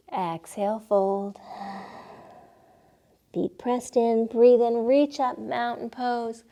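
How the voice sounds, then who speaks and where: A woman with a slightly high voice leads children through yoga poses at an unhurried, calm pace. She talks gently and playfully, coaxing the little ones along and sometimes roaring or meowing with them. She sounds like a young adult. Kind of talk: guided kids' yoga instruction.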